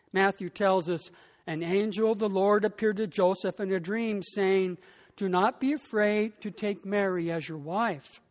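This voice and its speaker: A pastor delivers a sermon slowly and deliberately in a medium-pitched voice, rising in emphasis on key phrases. A long reverb tail follows his words.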